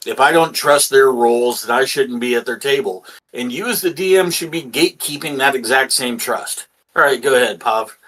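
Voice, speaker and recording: A man's voice: medium pitch, normal speed, hardly any pauses, a bit bright, low-quality recording. A man running a tabletop role-playing game as dungeon master, rambling and restarting with lots of fillers.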